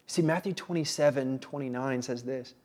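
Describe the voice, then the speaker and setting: A man preaching a sermon in an earnest way, often pausing and restarting. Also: medium pitch, darkish tone. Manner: earnest, with frequent pauses and restarts. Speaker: pastor.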